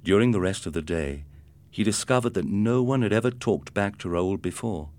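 A middle-aged man narrating a scripted story in a clear, steady way. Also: low voice, normal speed, dry recording.

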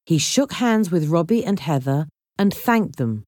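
A woman's voice: measured pace, warm tone, no echo, studio quality. A woman narrating a storybook chapter in a scripted reading style, voicing the characters herself. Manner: reads all characters herself, lifting pitch for quoted lines. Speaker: audiobook narrator.

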